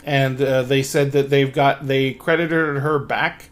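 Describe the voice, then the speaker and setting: A man's voice: medium pitch, fairly even intonation, measured pace. A man narrating as game master of a tabletop game, casual and laughing, swearing freely.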